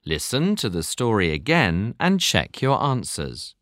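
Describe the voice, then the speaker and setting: A voice slowly reading out test questions for a listening exercise. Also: medium pitch, very animated, a bit bright, no room sound, clean studio sound. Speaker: quiz reader.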